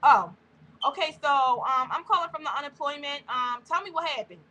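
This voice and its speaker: A woman's voice: high-pitched, normal speed, pushed and bright. Woman mimicking a curt office caller. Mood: dismissive.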